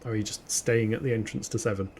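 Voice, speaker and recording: A Yorkshire man streams a video game, cracking jokes and chatting through live commentary while answering questions from chat. His voice sits lowish and steady, a touch mellow, and he talks fast over a slight hiss or hum.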